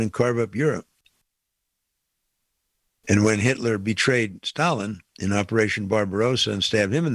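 A man hosting a talk radio show, giving emphatic political commentary and slowing down to stress key lines. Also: lowish voice, a bit bright, no echo.

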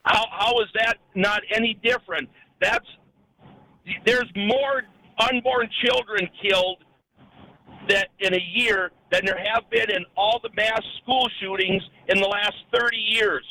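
A man's voice: high-pitched, steady tone, unhurried, pushed and bright, rough recording. A man calling in to a radio talk show who sounds indignant and often stumbles and restarts his sentences. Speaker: caller. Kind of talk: phoned-in talk radio call.

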